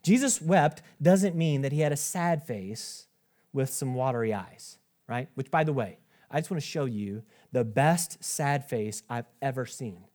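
Animated, chatty male pastor preaching. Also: mid-range voice, measured pace. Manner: conversational, animated, self-interrupting with restarts and asides. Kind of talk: sermon.

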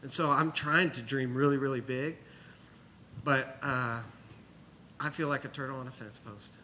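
A man's voice: mid-range voice, fairly even intonation, moderate pace, pushed and bright, slight background noise. A man telling his story from the pulpit in a conversational, storytelling manner, quoting the people he talks about. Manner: storytelling, conversational, quotes others. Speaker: church planter pastor. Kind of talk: sermon testimony.

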